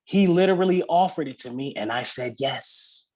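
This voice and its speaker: A guest speaker preaches at a church service, telling stories with lively, acted-out quotes. At times he drops into soft, slow, low-voiced reflection.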